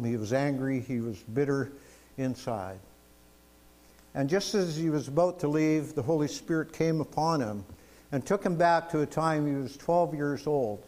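Preacher, male, slightly high voice, emphatic storytelling sermon. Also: moderate pace, a little mellow. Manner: storytelling, emphatic, asks "amen?". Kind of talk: sermon with testimonies.

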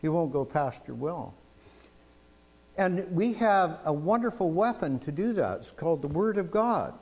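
A man's voice: fairly high pitch, animated, unhurried, a little mellow, husky. A man preaching a sermon, telling testimonies with emphasis and asking the congregation "amen?". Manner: storytelling, emphatic, asks "amen?".

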